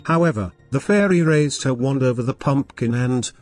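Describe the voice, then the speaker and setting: A man narrating a fairy tale as a scripted bedtime story, reading calmly and gently at a steady pace. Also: mid-range voice, normal speed, faint music behind.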